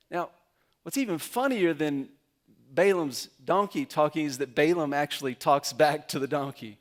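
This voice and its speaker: A man preaching a sermon as pastor, retelling a story and acting out the characters' lines in quick quotes. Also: on the high side, expressive.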